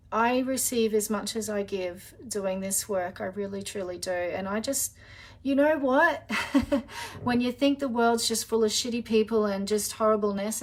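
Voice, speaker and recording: Middle-aged aussie woman chatting on a live stream, calls everyone darling and honey, lots of ums, medium pitch. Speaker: spiritual reader hosting a live session. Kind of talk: casual live-stream chat.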